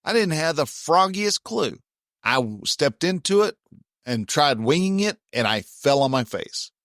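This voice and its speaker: A man's voice: on the high side, sing-song, unhurried, a bit bright, dry recording. Guy talking self-help, folksy, swears a bit, dead dry sound. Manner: plainspoken, folksy, mild cursing. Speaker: self-help podcast host. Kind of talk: casual motivational talk.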